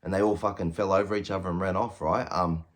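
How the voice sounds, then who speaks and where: This Australian man in his thirties has a low voice and a steady tone, and he talks fast. His casual prison story is blunt and packed with swearing, and he reenacts what people said by raising his voice.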